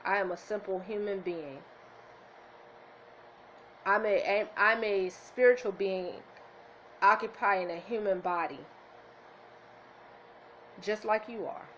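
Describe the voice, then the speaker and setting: Holding her camera, a woman records an emotional motivational vlog, speaking earnestly and from the heart as she nears happy tears. Her medium, slightly bright voice goes slowly with long pauses, and the audio is muffled with a bit of hiss or hum.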